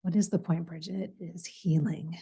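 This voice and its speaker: A woman with a slightly raspy, hoarse voice, chatting casually and emotionally to her viewers, laughing at herself and rambling. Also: fairly low pitch, level tone, normal speed, mellow. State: a bit hoarse. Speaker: spiritual channel host. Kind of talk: casual vlog talk to viewers.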